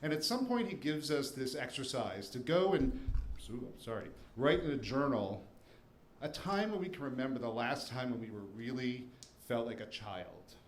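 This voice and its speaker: A man's voice: mid-range voice, animated, moderate pace, a little hiss or hum. A man in his forties from the Washington, D.C. area, telling a first-person story on stage with wry, self-deprecating humor. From Washington, D.C. area, USA. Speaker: storyteller and attorney. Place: live show venue before an audience. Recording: roomy live venue with faint ambience.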